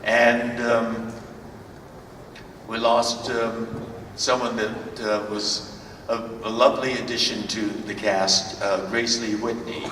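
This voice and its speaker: An older man telling stories as a convention panel guest, halting with many fillers and restarts, recorded from far off in a large hall. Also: medium pitch, flat delivery, sharp tone, slight background noise. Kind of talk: anecdotal storytelling. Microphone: far from the recording camera.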